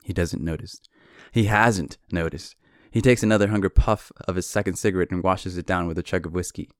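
A man's voice: low-pitched, a little fast, smooth, no echo, clean studio sound. A man hosting his own podcast, chatting casually and joking about himself before he reads a novel aloud. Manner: relaxed, self-deprecating, lightly swearing. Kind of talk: casual intro, then dramatic book reading.

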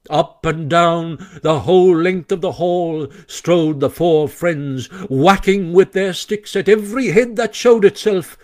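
Slow, expressive male storybook narrator. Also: high-pitched. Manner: expressive, animated reading. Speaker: audiobook narrator.

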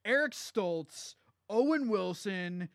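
High-voiced laid-back man recapping movies. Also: lively intonation, slow pace, dry recording, clean studio sound. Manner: laid-back, recapping plots step by step, swears casually. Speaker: podcast co-host. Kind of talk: casual movie-review chat.

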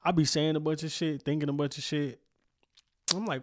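A young man with a fairly high, fairly even voice speaks quickly as he wraps up his solo podcast from a home studio. He rambles, swears freely, mocks himself and laughs often, all captured on a studio microphone.

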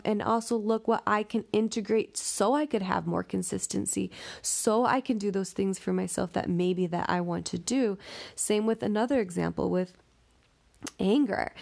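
A woman's voice: medium pitch, vocal fry, darkish tone. A woman giving a reflective spiritual talk, earnest and direct with the listener, building her points by repetition. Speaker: spiritual speaker.

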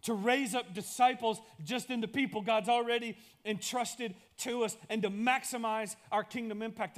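A man's voice: very high voice, steady tone, moderate pace, hardly any pauses, a bit bright. A male pastor delivering a sermon in a church, building emphasis through repeated phrases.

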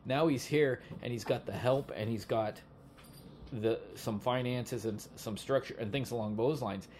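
Chatty male podcast co-host. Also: medium pitch. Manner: animated storyteller, quick asides and laughs. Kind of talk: casual chat. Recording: faint background noise.

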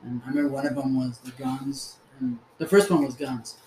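A man's voice: mid-range voice, fairly even intonation, a little fast, dark tone. A young man chatting casually and laughing often, with a laid-back, profane manner full of filler words. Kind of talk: casual chat. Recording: echoey room with faint ambient noise.

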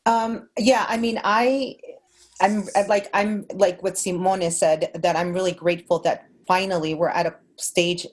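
A woman's voice: lowish voice, steady tone, unhurried. A woman from Mexico with a light Mexican accent, a voice actor guest talking earnestly and thankfully, thinking aloud on a podcast roundtable.

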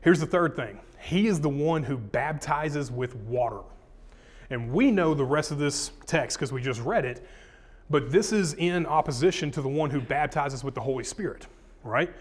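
A man's voice: on the high side, animated, moderate pace. A man, a pastor teaching a sermon, casual and chatty with his congregation, reading scripture with rising emphasis.

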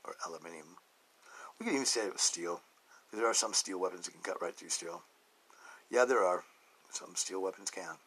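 A man hosting a casual spiritual podcast monologue, rambling and chuckling often, dropping to hushed murmurs and then jumping to loud bursts. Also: low-pitched, moderate pace, husky, rough recording. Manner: chuckles often between thoughts. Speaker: podcast host.

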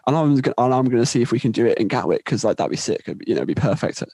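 Brief: young man, fast animated storyteller, husky, dry close sound. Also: mid-range voice, no room sound. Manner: animated, laughing, acts out voices. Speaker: podcast guest telling a story. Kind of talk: casual storytelling chat.

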